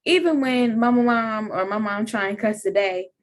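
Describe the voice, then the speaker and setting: A young woman co-hosting a podcast with her mother, talking in a relaxed, conversational way with lots of "like". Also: a little high. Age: young adult. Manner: relaxed, conversational, drawn-out filler "like". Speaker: podcast co-host, daughter. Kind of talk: casual chat.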